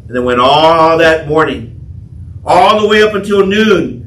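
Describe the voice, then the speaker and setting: A pastor preaching a sermon, telling the story dramatically and acting out the quotes, sometimes shouting. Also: male voice, high-pitched, very animated, a little slow, far from the mic. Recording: echoey room, voice from off-mic.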